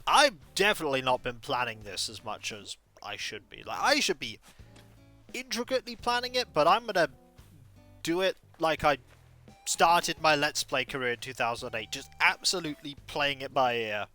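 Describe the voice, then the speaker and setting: A man's voice: on the high side, animated, normal speed, pushed and bright, soft background music. A man in his thirties streaming a video game, chatting in a playful, rambling, self-mocking way. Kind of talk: casual live game stream commentary.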